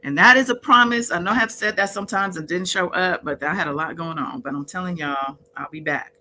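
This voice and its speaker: A woman's voice: on the low side, a little fast, sharp tone, slight background noise, rough recording. A woman hosting a casual livestream, chatting with viewers in the chat by name. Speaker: livestream host.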